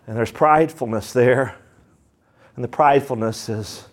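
A man's voice: medium pitch, moderate pace. A man pastor preaching a sermon, acting out prayers with dramatic rises and drops in his voice.

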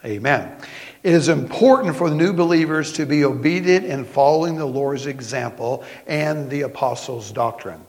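A middle-aged man with a Southern accent, preaching a sermon as pastor in folksy storytelling style, slowing down for emphasis. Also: on the high side. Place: church sanctuary. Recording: long hall reverb.

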